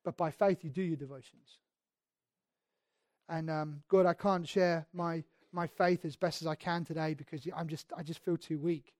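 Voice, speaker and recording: A man preaching a sermon, who moves between quiet reflection and loud, emphatic passages, reads scripture aloud and slows on key words. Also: fairly high pitch, steady tone, no echo, clean studio sound.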